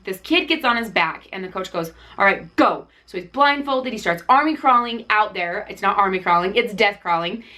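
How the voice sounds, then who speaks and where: A woman's voice: medium pitch, fairly quick, hardly any pauses. Chatty woman vlogger telling a story. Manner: animated, chatty, lots of fillers. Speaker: DIY channel host. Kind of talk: casual storytelling vlog.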